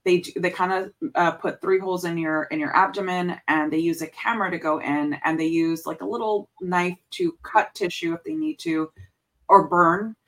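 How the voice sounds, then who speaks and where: A woman speaks as a guest in a relaxed podcast conversation. Her voice sits a little low, and she tells her story earnestly, often restarting sentences and repeating words as she goes. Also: normal speed, poor audio. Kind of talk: casual interview conversation.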